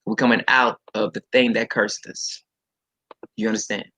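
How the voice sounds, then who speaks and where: A man's voice: lowish voice, little pitch movement, moderate pace, sharp tone, poor audio. A man preaching casually on a livestream, talking straight to his viewers, reading scripture aloud and commenting on it, with emphatic repetition.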